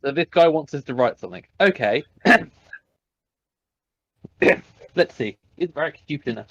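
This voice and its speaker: High-pitched guy goofing around describing his character at a tabletop game. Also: expressive, quick pace, fairly bright tone, highs cut off. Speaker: player. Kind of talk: casual tabletop play.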